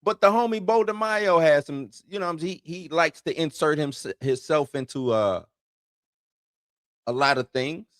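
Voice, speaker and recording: A man's voice: on the high side, measured pace, fairly bright tone, no room sound, studio quality. A man hosting an entertainment news show in loose, slangy casual commentary, chuckling between points.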